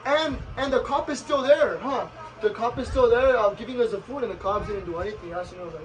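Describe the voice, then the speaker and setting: A man's voice: sits high, a little fast, far from the mic, a little hiss or hum, low-quality recording. A man vlogger casually retelling a story, switching back and forth between English and Spanish.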